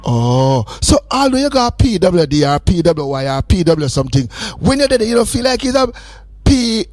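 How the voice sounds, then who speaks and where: Animated man teasing on air. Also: high voice, normal speed, dry recording. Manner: playful teasing, animated, sing-song questions. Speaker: radio host. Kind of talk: casual call-in chat.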